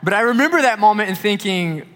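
A man's voice: high-pitched, fast talker, slight background noise. Man preaching in a reverberant hall. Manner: animated storytelling, acts out quoted voices. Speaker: youth pastor. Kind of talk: sermon with personal story.

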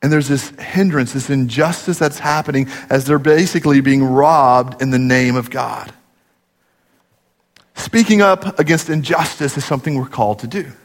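A man preaching a sermon, telling stories animatedly and dropping low for serious points. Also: moderate pace. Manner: animated storytelling, rising to emphatic peaks and dropping low for gravity. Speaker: pastor. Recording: long hall reverb.

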